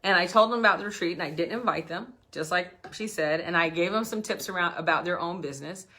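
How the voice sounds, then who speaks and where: A woman's voice: lowish voice, fast talker. A woman business coach telling a story straight to camera, acting out both sides of the conversations as she goes. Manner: animated storytelling, acts out dialogue. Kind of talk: direct-to-camera business talk.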